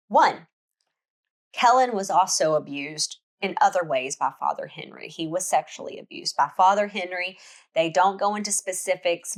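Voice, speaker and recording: Woman recapping a novel in casual chat. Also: on the low side. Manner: chatty storytelling with frequent restarts. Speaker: book podcast host.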